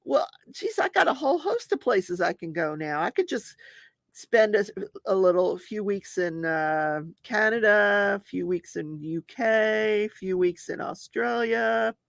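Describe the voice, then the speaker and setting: A woman's voice: medium pitch, expressive, measured pace, creaky, no echo, studio quality. An older woman hosting a casual livestream, chatting and reading viewer comments aloud while she crafts, laughing often. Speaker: host of a crafting and true-crime talk show.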